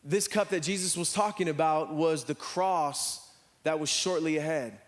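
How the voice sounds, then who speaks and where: Animated high-voiced American pastor. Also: male voice, moderate pace. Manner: animated storytelling, acts out voices. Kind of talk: sermon. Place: church.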